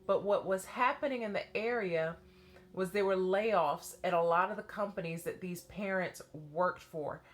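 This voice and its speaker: A woman, probably in her thirties, who taught dance to children, telling a personal story to camera in an animated way and acting out voices. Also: mid-range voice, moderate pace. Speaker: former children's dance teacher.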